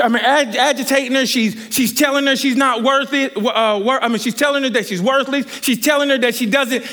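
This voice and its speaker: High-voiced man preaching a story. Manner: animated, rambling, many restarts and fillers. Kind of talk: storytelling sermon.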